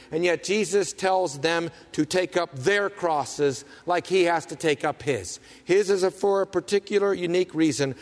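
A man preaching a sermon as pastor, emphatic, asking rhetorical questions and swinging from loud to hushed. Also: a little high, big-room sound.

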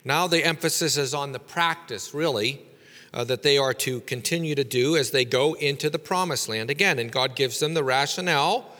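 Bright-voiced man teaching in a hall. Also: medium pitch, normal speed. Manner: explanatory, with fillers and rhetorical questions. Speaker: Bible teacher. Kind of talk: lecture on scripture.

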